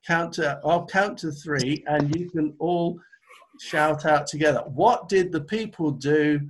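A man's voice: a little high, measured pace, a little hiss or hum. A man preaching a sermon over a video call, earnest and conversational, recovering from an illness. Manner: earnest, conversational preaching with self-deprecating asides. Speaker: pastor.

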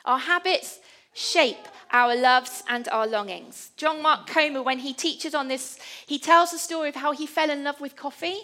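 A woman's voice: sits high, moderate pace, bright, forceful tone. A woman giving a conversational, self-deprecating sermon. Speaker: preacher.

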